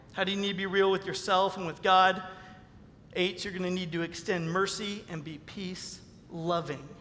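A man preaching a sermon with a high, bright, forceful voice. He is animated and acts out the quoted voices, and a long hall reverb trails his words. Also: a little hiss or hum. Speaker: pastor.

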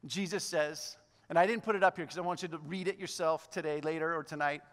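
A man preaching a sermon, animated, acting out the lines of the figures he talks about. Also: quick pace, in a large hall. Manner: hushed, low voice in prayer. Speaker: pastor.

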